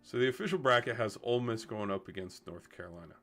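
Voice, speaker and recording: A man's voice: lowish voice, expressive, fast talker, a bit bright, faint music behind. Rambling man on a sports stream. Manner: rambling, thinks aloud, casual swearing. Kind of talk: casual live-stream sports commentary.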